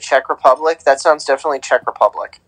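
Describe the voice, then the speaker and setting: A man's voice: medium pitch, fairly even intonation, fast, fairly bright tone, dry recording, rough recording. A young man co-hosting a casual podcast, playfully teasing the others. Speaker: co-host. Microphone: remote call mic.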